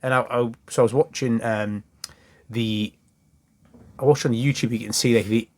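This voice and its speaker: A man's voice: medium pitch, steady tone, normal speed, darkish tone. A man co-hosting a casual football podcast, acting out other people's quotes and swearing casually. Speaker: podcast co-host.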